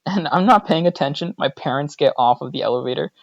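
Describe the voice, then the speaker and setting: A man's voice: fairly high pitch, lively intonation, quick pace, creaky, no room sound, highs cut off. A man co-hosting a podcast, telling a childhood story in a casual chat and laughing often as he goes. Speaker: podcast co-host.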